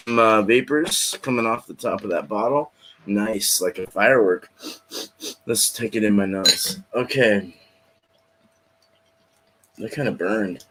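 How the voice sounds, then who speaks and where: A man hosts a casual beer-tasting livestream, describing a sour beer in a loose, rambling way. His pitch sits in the middle for a man. The sound comes through a video call, with clear noise underneath. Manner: loud, laughing outbursts and shouted impressions. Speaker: host.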